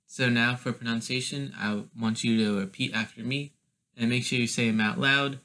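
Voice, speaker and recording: A man's voice: medium pitch, fairly even intonation, moderate pace, pushed and bright. A man teaching a casual language lesson, explaining step by step with a hesitant delivery and many fillers.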